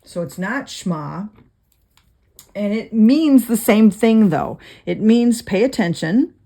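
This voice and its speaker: Leading a relaxed Bible study, this woman reads verses out loud and works through word meanings. Her mid-range voice has a dark tone and lively intonation, and she takes her time, often using fillers and starting over.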